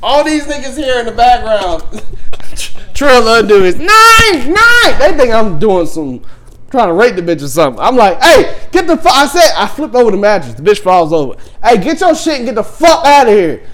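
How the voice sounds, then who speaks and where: A young man telling a wild story in casual podcast chat, profane and animated, breaking into laughs. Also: high voice, normal speed.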